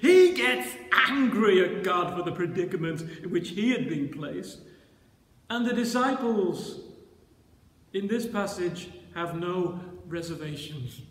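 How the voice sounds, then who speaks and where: A male pastor delivers a slow, deliberate sermon in a very high voice. His delivery turns dramatic, rising to shouted cries at its peaks. The church around him rings with long, roomy reverb. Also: animated. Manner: dramatic, voice rising to shouts when voicing the disciples. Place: church sanctuary.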